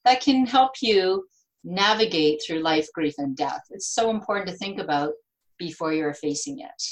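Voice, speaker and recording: A woman's voice: fairly low pitch, normal speed, low-quality recording. Chatty middle-aged woman storyteller. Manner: chatty, animated storytelling with laughs. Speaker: author. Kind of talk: casual conversation.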